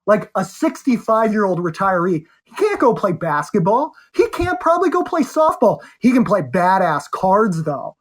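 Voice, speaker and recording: A man's voice: sits high, very animated, normal speed, hardly any pauses. A man who coaches poker, talking as a podcast guest, intense and emphatic, firing off rhetorical questions. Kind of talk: animated conversation.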